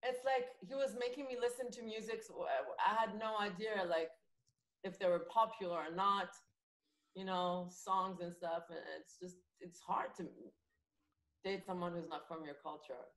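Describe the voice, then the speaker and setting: A woman talking as a podcast guest and comedian in casual chat, telling lively anecdotes and laughing often. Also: mid-range voice, normal speed. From France. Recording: roomy echoey room.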